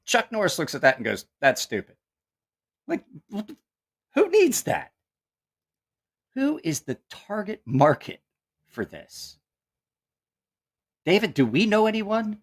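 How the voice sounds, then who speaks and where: A man riffing on a live stream in a loose, casual way, full of swearing and disbelief. His pitch sits a little high for a man and leaps about animatedly as he mocks and laughs at what he sees. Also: sing-song, measured pace, pauses often. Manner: incredulous, profane, mocking rants with laughter.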